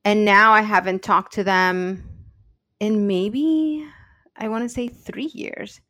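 A woman's voice: medium pitch, takes it slowly, pushed and bright, dry recording, studio quality. A woman co-hosting a podcast in casual chat. She tells personal stories in an earnest, open way. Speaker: podcast co-host.

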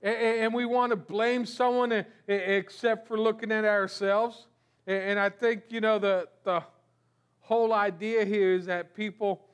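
A man's voice: sits high, clean tone. A man preaching a sermon in a conversational way, asking rhetorical questions and often repeating words. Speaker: pastor.

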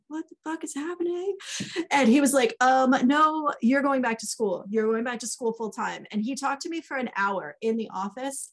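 Woman guest, middle-aged, chatty storyteller voicing the people in her tales. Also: on the high side. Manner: animated, acts out quoted dialogue. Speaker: author guest. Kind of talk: casual storytelling chat.

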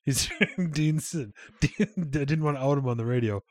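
A man in his thirties talks loosely on his podcast, dropping curses and chuckling through quick asides. His voice sits in a middle register. The sound is dry and close, with no room echo. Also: medium pitch, darkish tone. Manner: loose and profane, laughs often, quick asides. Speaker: podcast host. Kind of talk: casual chat.

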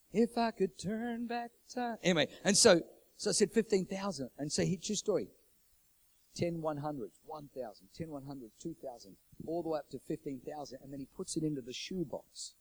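A middle-aged man preaching a sermon with a fairly high voice. He tells personal stories, rising to loud, urgent proclamations and dropping to a hushed, confiding tone. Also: normal speed, low-quality recording. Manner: dramatic, swings from loud preaching to hushed storytelling. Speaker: pastor.

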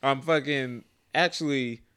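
A man's voice: mid-range voice, measured pace, a bit bright, clear, resonant tone. Profane ranting army sergeant, man. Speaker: army NCO. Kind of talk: casual chat.

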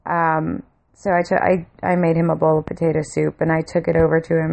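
A woman's voice: low-pitched, flat delivery, brisk, gravelly, a little mellow. A woman vlogger casually telling a story to camera, rambling with frequent restarts and swearing bluntly.

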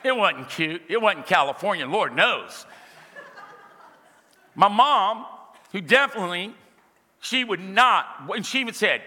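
A man's voice: high-pitched, expressive, measured pace, long pauses, bright, forceful tone, long reverb tail. A man preaching a sermon, telling funny stories and rising into emphatic exhortation to his congregation. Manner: humorous storytelling building to emphatic exhortation.

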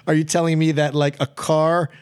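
A man's voice: fairly high pitch, little pitch movement, normal speed, clean tone. A man co-hosting a podcast, casually and sarcastically picking holes in a film's logic. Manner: sarcastic, nitpicking questions. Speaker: podcast co-host. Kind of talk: casual chat reviewing a film.

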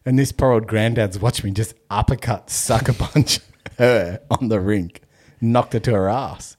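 Casual podcast host, Australian man, very low voice, loose and sweary, laughs through his anecdotes. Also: unhurried, a little mellow. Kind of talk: casual storytelling chat.

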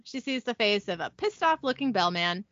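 A young woman hosting a podcast, casually recapping a TV episode from her notes, giggly and brisk. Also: mid-range voice, sing-song, a bit bright, no echo, dull audio. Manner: giggly, reads scene descriptions briskly.

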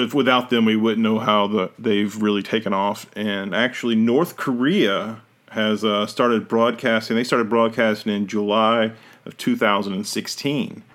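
Low-voiced man rambling casually. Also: fairly bright tone. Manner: rambling, self-correcting, trails off. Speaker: podcast host. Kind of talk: casual chat.

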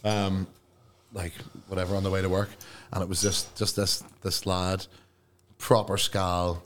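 A man's voice: sits low, flat delivery, measured pace, a bit bright, a little hiss or hum. Man telling a rambling story. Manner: rambling, sweary anecdotes. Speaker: guest. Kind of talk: casual comedy podcast storytelling.

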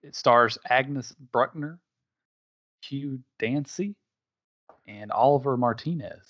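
A male game show host reads out clues plainly and in a matter-of-fact way, at a mid pitch. The recording sounds dull and lo-fi. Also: slow, no echo. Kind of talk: reading out clues.

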